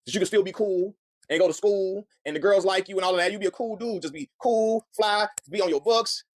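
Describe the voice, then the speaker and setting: Fast-talking man, heated commentary. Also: high voice, dry recording. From Chicago. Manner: heated, earnest, repeats words as he builds a point. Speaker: commentary channel host. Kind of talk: reaction commentary.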